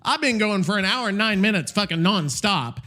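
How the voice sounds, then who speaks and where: This podcast host speaks in a high-sitting voice at a moderate pace. Alone at the mic, he rambles through a casual rant, cursing often and sounding worn out yet animated.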